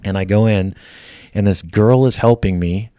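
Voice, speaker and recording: A middle-aged man, a podcast guest, telling a personal story in a lively way and acting out the lines of the people in it. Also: fairly low pitch, moderate pace, clean tone, dry recording, studio quality. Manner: lively storyteller who acts out quoted lines. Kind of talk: storytelling in casual conversation.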